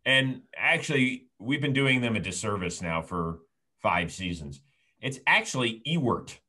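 A man, a sports commentator, telling a story in casual chat, animated and laughing as he acts out what people said. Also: fairly low pitch, a little slow, rough recording.

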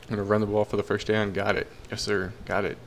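A man's voice: on the low side, flat delivery, fast talker, a little hiss or hum. A young man casually commentating his own football video game, cheering and groaning at the plays. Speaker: gaming commentator.

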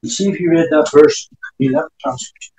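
Male preacher, sermon, reads scripture aloud, pitched a little high, roomy hall sound. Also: lively intonation, fairly quick, mellow. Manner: emphatic, reads scripture aloud between remarks.

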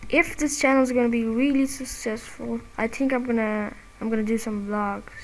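High-voiced woman in excitable game chatter. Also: slight background noise, rough recording. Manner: chatty, excitable, quick to rage and apologize. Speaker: gamer and channel host. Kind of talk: casual gameplay commentary.

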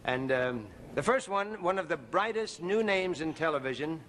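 A man hosting a 1960s variety show, briskly and graciously welcoming the audience and introducing guests. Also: fairly high pitch, animated, slight background noise. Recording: loud studio audience applause.

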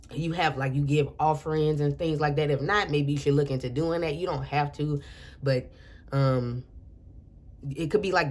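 A woman giving a casual intuitive tarot reading, rambling and chatty with frequent restarts, soft and earnest, drawing out key words. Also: low voice. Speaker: tarot reader.

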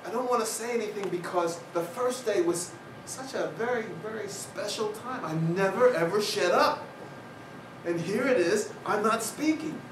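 A man's voice: high-pitched, moderate pace. A man giving a public talk to an audience, telling humorous personal anecdotes with wry asides. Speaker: guest speaker. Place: university lecture hall with audience. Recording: roomy hall, distant mic, noisy.

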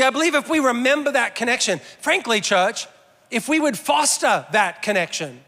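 A man's voice: very high-pitched, pushed and bright, in a large hall. A man preaching a sermon as pastor, conversational with a self-deprecating sense of humor.

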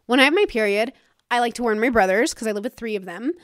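A woman's voice: on the high side, fast talker, dry recording, clean studio sound. A woman hosting her own podcast, talking frankly and casually in a solo monologue, with some swearing. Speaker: podcast host.

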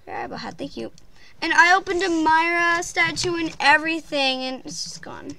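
High-voiced chatty apologetic woman. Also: animated, normal speed, vocal fry, pushed and bright. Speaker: channel host. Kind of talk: casual chat over gameplay.

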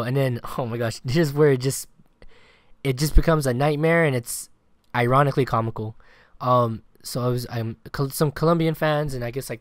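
A man co-hosting a casual sports podcast, recounting a chaotic story at length. His voice sits in an ordinary middle range and sounds dry, with no room echo. He rambles, piles on filler words and swears now and then. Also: medium pitch. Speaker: podcast co-host.

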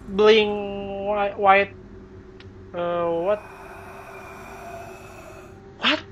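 Slow-spoken man reacting with startled exclaims. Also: sits high, fairly bright tone, lo-fi sound, slight background noise. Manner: slow, halting, exclaiming in surprise. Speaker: reaction video host. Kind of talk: reacting to a video, commentary.

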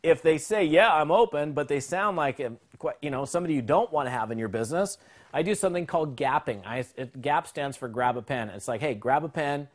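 A man walks listeners through a sales phone script with energy and easy, conversational delivery. His voice sits a little high for a man, and he slips into both sides of the calls as he explains. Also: lively intonation, a little fast. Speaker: sales trainer.

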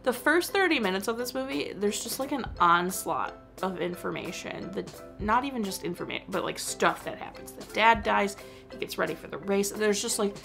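Gravelly-voiced chatty young woman vlogger. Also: medium pitch. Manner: chatty, full of "like" fillers. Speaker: movie review vlogger. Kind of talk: casual movie review.

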